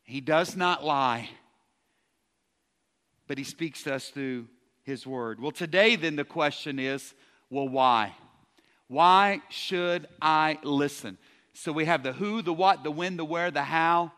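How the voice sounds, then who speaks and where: A man delivers an energetic sermon in a high, bright voice, joking with his congregation and often restarting his words. His voice carries a long reverb, like a large church hall. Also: takes it slowly. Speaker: pastor.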